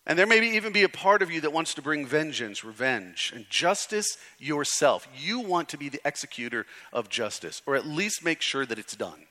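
Bright-voiced pastor preaching in a big hall. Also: male voice, on the high side, big pitch swings, moderate pace, hardly any pauses. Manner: conversational preaching with frequent restarts and movie-line impressions. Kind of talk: sermon. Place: large church hall. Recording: hall reverb.

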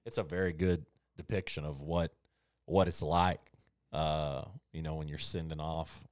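A man talking reflectively in casual conversation, halting with restarts. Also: very deep voice, level tone, clear, resonant tone, no echo, clean studio sound. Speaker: podcast co-host.

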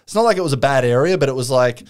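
A young Australian man with a smooth, resonant voice at a middle pitch. He wanders through anecdotes with plenty of fillers, easygoing and conversational. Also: lively intonation, very fast, a little mellow. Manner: rambling anecdotes with many fillers. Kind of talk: casual podcast chat.

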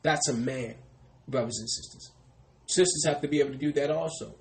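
A man's voice: mid-range voice, a little fast, creaky. A man preaching a sermon. He asks questions and answers them himself, and he keeps tagging lines with "brothers and sisters" in a dropping voice. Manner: repeats "brothers and sisters" with falling, quieter tags. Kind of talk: sermon teaching.

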